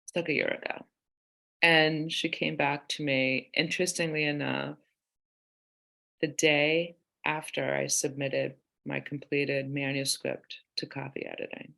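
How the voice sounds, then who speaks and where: A woman in her forties, a guest author on a casual podcast, shares candid family stories and acts out the quoted lines. Her voice sits low, creaky and sharp, with little pitch movement and a measured pace.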